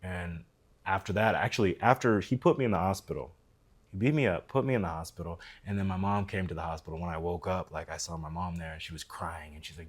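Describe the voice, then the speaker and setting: A man's voice: deep voice, fast talker, slightly rough. An American man on a podcast, telling a personal story in a casual way and acting out the quoted lines. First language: English. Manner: animated storyteller, acts out quoted dialogue. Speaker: podcast guest.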